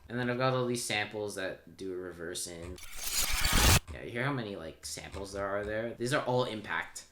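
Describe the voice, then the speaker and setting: Low-voiced man walking through a track. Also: moderate pace, very noisy. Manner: loose, offhand and self-deprecating, pointing things out as he goes. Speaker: music producer explaining his track. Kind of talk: casual screen-recorded tutorial. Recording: music playing loudly under the voice. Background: his own track playing, keyboard typing.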